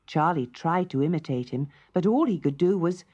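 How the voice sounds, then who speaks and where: A woman narrating a children's story in a slow, expressive storytelling manner. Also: deep voice, slight background noise. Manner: slow, lively, expressive reading. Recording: muffled lo-fi cassette tape with faint music.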